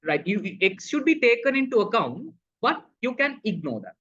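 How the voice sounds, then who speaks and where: A man's voice: high voice, sing-song, normal speed, a bit bright, slightly rough. A male physics teacher walking through a problem, asking questions and answering them himself, calling the students "people". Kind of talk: recorded physics lesson. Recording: dull lo-fi recording.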